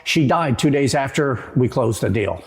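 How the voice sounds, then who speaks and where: A man, a real estate agent and guest, telling stories in a rambling way with halting restarts, from Florida. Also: medium pitch, lively intonation, very noisy. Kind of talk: casual storytelling.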